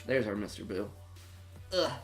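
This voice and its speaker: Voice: medium pitch, lively intonation, moderate pace, faint music behind. A streamer in their twenties hosting a movie watch-along, chatting casually and dramatically with mock outrage. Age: 20s. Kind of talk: casual livestream chat.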